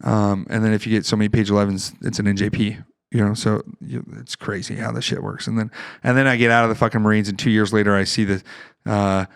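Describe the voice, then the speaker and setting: A man from Ohio in his thirties, a podcast guest casually telling war stories in a profane, animated way, acting out the voices of the people in his stories. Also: lowish voice, fast, vocal fry, clear, resonant tone. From Ohio, United States. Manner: profane, animated storytelling with acted-out quotes. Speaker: podcast guest, fighter and Marine veteran. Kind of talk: casual storytelling chat.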